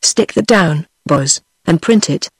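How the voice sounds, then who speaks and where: A woman's voice: low-pitched, animated, slow pace, breathy edge, dry recording, clean studio sound, exaggerated voice. A text-to-speech voice with a British English accent, set as a woman, reading the lines of a teasing ancient Roman orator.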